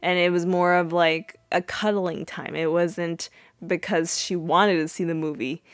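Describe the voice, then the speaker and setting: A woman hosting a podcast, casually recapping a TV episode with many fillers and sudden high-pitched acted-out quotes. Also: little pitch movement, a little slow, dry recording, studio quality. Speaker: podcast host.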